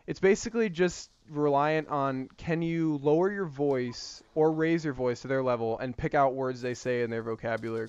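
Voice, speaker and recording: A man's voice: mid-range voice, vocal fry, clear, resonant tone. Brief: male gaming YouTuber, rambling filler-heavy commentary, muffled mic. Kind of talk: casual commentary over gameplay.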